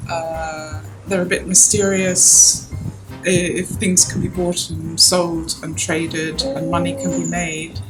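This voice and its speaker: Someone in a street vox pop, short matter-of-fact answers, middle pitch, music behind. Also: takes it slowly, rough recording. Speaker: street interviewee.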